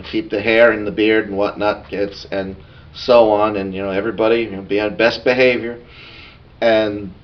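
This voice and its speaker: A man recapping a tabletop game session in a casual, rambling way, full of asides. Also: lowish voice. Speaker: podcast co-host. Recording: dull lo-fi sound.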